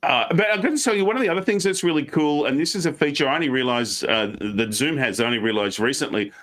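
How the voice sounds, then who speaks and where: An Australian man giving online presentation tips on a video call, fast and animated, slipping into quick mock voices. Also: a little high. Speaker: guest speaker.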